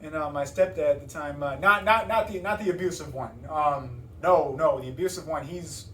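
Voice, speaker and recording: A man's voice: a little high, moderate pace, a bit bright, slight background noise. A young man in an interview, talking casually and rambling with many fillers and restarts. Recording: roomy, distant mic.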